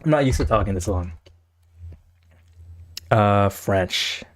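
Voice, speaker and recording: A man's voice: fairly low pitch, animated, slow. A man from South Asia streaming live, giving casual, rambling, profane reaction commentary while he thinks aloud. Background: faint anthem music playing.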